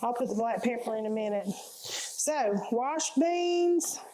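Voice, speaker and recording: A woman with a somewhat high voice chats her way through a recipe. Her talk is folksy and easygoing, and she calls her viewers y'all as she cooks. Faint background noise sits under her voice. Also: animated, slow. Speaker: home cooking host. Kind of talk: casual cooking tutorial. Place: home kitchen.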